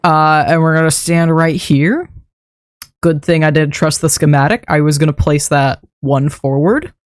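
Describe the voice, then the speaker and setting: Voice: mid-range voice, steady tone, normal speed, no room sound, studio quality. Chatty streamer muttering through a build. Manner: rambling self-talk, chuckling at own mistakes. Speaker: streamer building a game base. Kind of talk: casual gameplay commentary.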